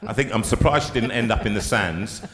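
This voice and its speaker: A man's voice: on the low side, brisk, a bit bright, a little hiss or hum. A man from the south of England hosting a live music stream, chatty and self-mocking, laughing often as he tells stories. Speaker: singer and concert host. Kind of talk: casual live-stream chat. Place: music room. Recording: echoey room with long reverb.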